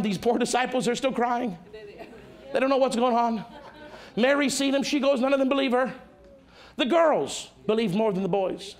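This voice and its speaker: Animated preaching pastor, man. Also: extremely high pitch. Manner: dramatic preaching, swings from loud exclamations to hushed tones. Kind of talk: sermon.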